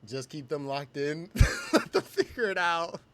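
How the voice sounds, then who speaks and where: A man's voice: on the high side, a little slow, slight background noise. A young man live-streaming, chatting casually and reacting with frequent exclamations and laughter. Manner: animated, exclaims often and laughs a lot.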